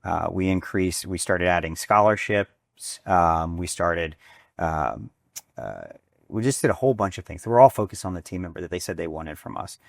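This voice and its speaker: A man in his forties speaks in a deep, low register, recounting business stories with animated energy and little bits of acted-out dialogue. He restarts phrases often as he thinks aloud. The sound is dry and close, with no room around it. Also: moderate pace, gravelly, no room sound. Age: 40s. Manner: animated storyteller, acts out dialogue, frequent restarts. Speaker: restaurant chain executive, guest. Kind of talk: conversational interview storytelling.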